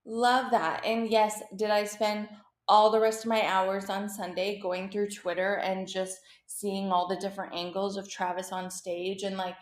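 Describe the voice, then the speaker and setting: Young woman podcaster gushing n swearing about celeb gossip, mid pitch, echoey room. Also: moderate pace. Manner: excitable, gushing, swears freely. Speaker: podcast host. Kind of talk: casual pop culture chat. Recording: roomy echo.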